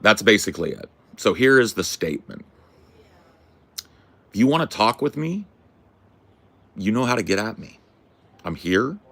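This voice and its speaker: A man hosting a podcast, ranting through a story as a brash, profane self-declared loudmouth who keeps asking "right?". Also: lowish voice, sing-song, normal speed, pauses often. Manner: punctuates points with "right?". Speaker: podcast host. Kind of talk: casual storytelling rant.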